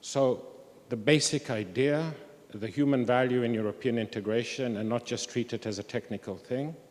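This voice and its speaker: A man's voice: medium pitch, moderate pace, a little mellow. An older man giving a reflective, candid talk at an academic conference. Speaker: conference speaker. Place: large historic hall. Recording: long reverb of a large hall.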